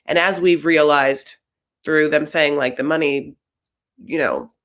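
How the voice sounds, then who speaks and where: A woman's voice: sits low, unhurried, a bit bright. A woman giving casual, sarcastic commentary on a reality show, rambling with lots of fillers.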